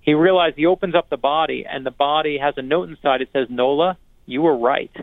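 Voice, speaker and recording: Gravelly-voiced man over a phone line. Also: on the high side, no room sound. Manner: earnest, energetic, quick restarts and repetitions. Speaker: author, interview guest. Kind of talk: animated storytelling conversation. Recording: dry, narrow phone-like sound.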